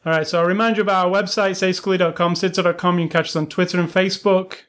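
A podcast host in casual chat, speaking in a voice of middling pitch. The host drops dry, wry asides between show plugs. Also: steady tone, very fast, a bit bright.

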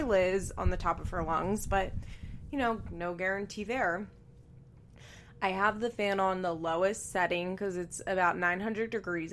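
A young woman hosts her podcast from a bedroom at home, talking in a loose, chatty way. Her voice is bright and clear, set at an ordinary middle pitch. She keeps up a sarcastic tone, swears freely and laughs between remarks. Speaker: podcast host. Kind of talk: casual solo podcast chat. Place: bedroom at home with a fan running.

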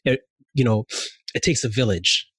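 A man telling stories in casual chat, animated and slangy, with many fillers. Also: mid-range voice, moderate pace, husky, no room sound.

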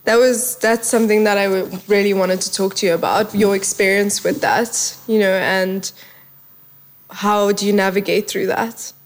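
A woman's voice: medium pitch, steady tone, moderate pace. A woman hosting an interview, encouraging and affirming her guest as she listens. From South Africa. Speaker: podcast host. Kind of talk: conversational interview.

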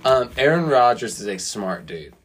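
A man's voice: mid-range voice, sing-song, moderate pace, husky. Blunt, stubborn man in casual chat. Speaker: podcast co-host.

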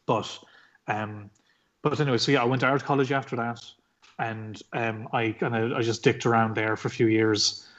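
A man's voice: mid-range voice, steady tone, normal speed, fairly bright tone, lo-fi sound. An Irish man, a comic book artist, telling his story in a casual interview, rambling with lots of fillers and swearing. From Ireland.

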